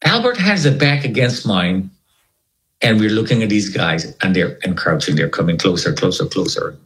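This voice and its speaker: Low-voiced man telling a vivid story. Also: poor audio. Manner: animated, acts out the dialogue in his story. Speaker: interview guest. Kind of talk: personal storytelling.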